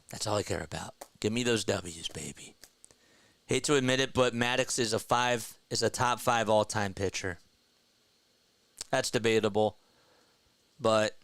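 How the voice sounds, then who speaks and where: Young guy on a fan livestream, hyped, bright clear voice, dry close mic. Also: lowish voice, no room sound. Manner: excited, animated, talks to chat as "bro" and "man". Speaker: livestream baseball host. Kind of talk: casual post-game fan talk, reading chat.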